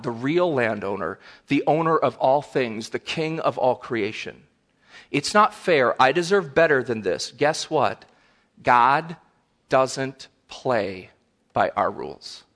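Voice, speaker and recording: A middle-aged man preaching a sermon as pastor, animated and conversational, acting out complaining voices in a higher pitch. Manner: animated, acts out whiny quotes in a higher voice.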